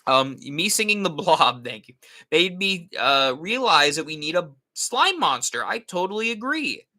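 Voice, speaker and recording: A man's voice: a little high, sing-song, a little slow, bright, forceful tone. A man hosting a casual live stream, rambling and answering viewer comments. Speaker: horror channel host.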